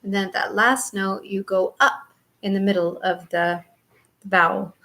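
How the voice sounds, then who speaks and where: A woman teaching a chant in a step-by-step pronunciation lesson, drawing out syllables slowly and patiently for students to repeat. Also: mid-range voice, flat delivery, sharp tone.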